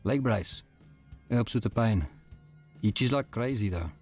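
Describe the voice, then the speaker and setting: A man's voice: on the low side, unhurried, darkish tone, faint music behind, close to an everyday voice. A man voicing an earnest grieving younger brother. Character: determined grieving younger brother in a leg brace.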